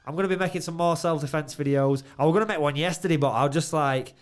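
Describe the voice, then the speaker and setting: In a studio, a male podcast co-host tells stories in casual chat, loose and laughing, swearing a lot and animating every tale. His voice is fairly high, smooth, and quick.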